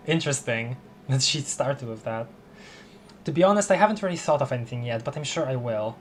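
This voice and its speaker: A man streaming a game in a casual, giggly way, reading its text aloud and tripping over words. His voice sits at a middle pitch. There is a faint hiss behind him. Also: lively intonation, brisk. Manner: laughs often, reads game text aloud with stumbles. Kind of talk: casual game playthrough commentary.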